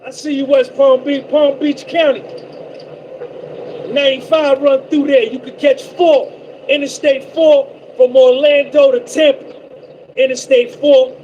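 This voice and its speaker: Very high-voiced New Jersey man. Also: flat delivery, measured pace, muffled recording, slight background noise. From North Jersey, USA. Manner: boastful, repetitive, giving shout-outs. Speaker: trucker livestream host. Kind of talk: casual live-stream monologue.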